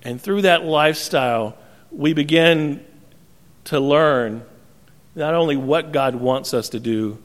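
High-voiced preacher in an echoey hall. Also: male voice. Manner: lively storytelling, acts out voices, slows to earnest appeals. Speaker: pastor. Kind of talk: sermon.

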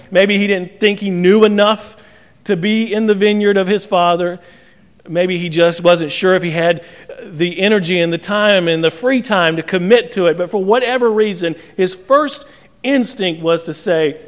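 A male pastor preaching a sermon, telling a parable and acting out its voices. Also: sits high. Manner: storytelling, acts out voices in parables. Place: church sanctuary. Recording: church sanctuary with long reverb.

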